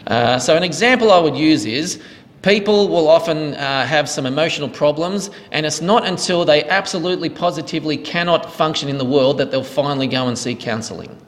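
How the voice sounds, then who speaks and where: A man's voice: on the high side, fairly quick. A man leading a question-and-answer teaching session as pastor, explaining answers earnestly. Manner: earnest, explanatory, thanks each asker. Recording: reverberant hall.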